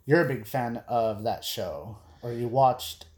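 A man co-hosting a casual podcast, speaking slowly and in an earnest, reflective way. His voice sits at a middle pitch. It sounds roomy and echoey. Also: darkish tone. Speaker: podcast co-host. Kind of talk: casual chat.

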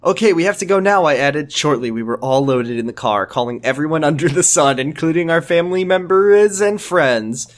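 A man with a somewhat high voice reads fanfiction aloud for laughs, his pitch leaping all over the place. He keeps stopping to crack jokes and comment on the text. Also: lively intonation, fairly quick, hardly any pauses. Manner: breaks into laughter and side comments while reading. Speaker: podcast co-host reading fanfiction aloud. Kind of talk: comedic dramatic reading with banter.

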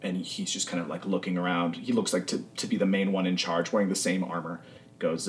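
A man's voice: low-pitched, level tone, fairly quick. A man narrating as game master in a casual, rambling way, full of fillers. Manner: casual, filler-heavy description. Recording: roomy sound, mic at a distance.

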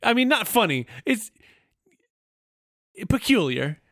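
Lively, laughing man, slightly high voice. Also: takes it slowly, dry recording, clean studio sound. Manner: laughs often, animated, speculative. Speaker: podcast co-host. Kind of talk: casual chat about a cartoon episode.

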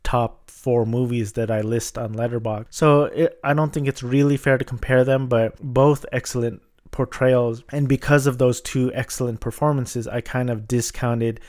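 A man's voice: mid-range voice, fairly even intonation, moderate pace, few pauses, darkish tone. A man talking casually about movies he watched, rambling with frequent restarts and hedges. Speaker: movie vlogger. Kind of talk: casual movie review monologue.

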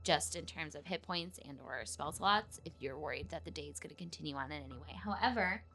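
A woman's voice: sits low, fast talker, gravelly, bright, forceful tone. A woman narrating a tabletop game as game master, playful and laughing often.

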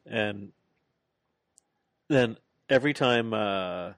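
Low-voiced man recapping a wrestling match. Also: extremely slow, no echo. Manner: rambling, animated play-by-play with lots of fillers. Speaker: podcast co-host.

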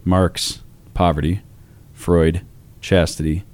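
Slow and level, a man with a low, slightly mellow voice co-hosts a podcast. His theological discussion is relaxed and rambling, full of anecdotes and verbal fillers.

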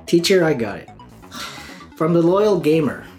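A man's voice: on the high side, big pitch swings, unhurried, a little mellow, faint music behind. A male podcast host in casual chat, reading listener mail aloud and laughing often.

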